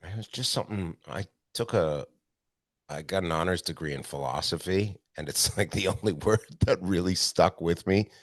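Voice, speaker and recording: A low-pitched man from Canada, a comedian guest who rattles off profane backstage stories and slips into quoted voices. His voice sits deep and dry, recorded close with no room around it. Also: normal speed, dry recording. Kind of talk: casual storytelling interview.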